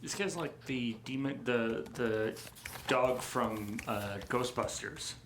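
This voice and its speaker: A man playing in a tabletop game, chatting in a relaxed, halting way. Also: medium pitch, noisy background. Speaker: player. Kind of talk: casual chat.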